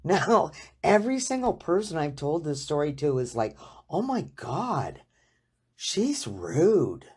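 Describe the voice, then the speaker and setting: Woman vlogging, slow easygoing talk, voice goes up and down a lot, chatty. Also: low voice, darkish tone. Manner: chatty, laughing, lots of "right?" asides. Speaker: weight loss vlogger. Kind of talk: casual storytelling to camera.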